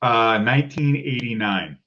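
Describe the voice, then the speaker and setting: A man in casual chat, a relaxed and wry film buff laying out obscure movie details. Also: mid-range voice, unhurried, muffled recording. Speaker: guest.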